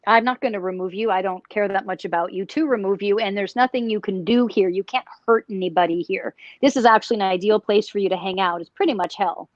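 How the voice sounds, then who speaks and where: A cold, flippant male mobster spirit brushes everything off with dismissive, cocky indifference, as a woman speaks for him. The voice sits at an ordinary pitch. The audio is dull, dry and lo-fi. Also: quick pace, few pauses, no echo, natural voice. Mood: callous.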